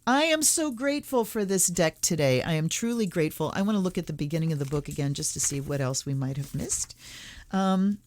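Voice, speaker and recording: A woman's voice: on the low side, lively intonation, darkish tone. A woman hosting a tarot channel, casually musing and reading book passages aloud in a reflective way. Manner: reflective, musing, slows down for blessings. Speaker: tarot reader and channel host.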